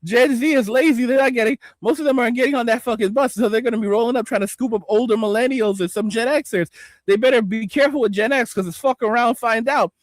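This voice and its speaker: Guy with a really high voice ranting on his stream, swearing, stammering, reading chat, dry sound. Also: quick pace, dry recording. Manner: profane, rambling, stammers, addresses viewers directly. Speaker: host. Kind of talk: livestream rant reading chat comments.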